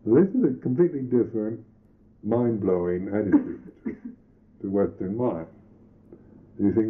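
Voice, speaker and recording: A Buddhist monk teacher giving a reflective meditation talk, pausing and restarting his phrases often. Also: on the low side. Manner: slow, reflective, halting with restarts. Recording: tinny lo-fi old recording.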